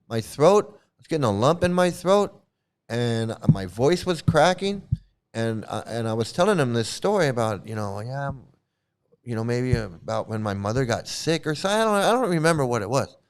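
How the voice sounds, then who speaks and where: A man's voice: mid-range voice, clear, resonant tone. A man hosting his own channel, talking in a casual, rambling way, often repeating and restarting words, blunt and profane. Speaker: commentary channel host.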